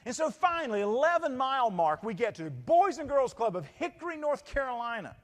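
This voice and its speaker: A middle-aged man tells a motivational story from a convention stage, acting out every quote. His voice sits high and swings widely in pitch. The big hall adds a long reverb. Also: a little fast. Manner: animated storytelling with acted-out quotes. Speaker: keynote speaker. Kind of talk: motivational keynote speech.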